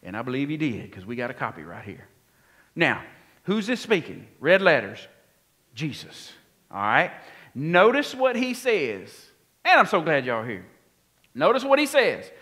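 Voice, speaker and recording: A man preaching a sermon, animated and often asking his congregation questions. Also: on the high side, unhurried, long pauses. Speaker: pastor.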